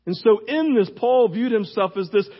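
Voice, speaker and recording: A man preaching a conversational sermon as pastor, animated and casual, full of fillers, his voice leaping up when he gets fired up. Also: high-pitched, normal speed, breathy edge, lo-fi sound.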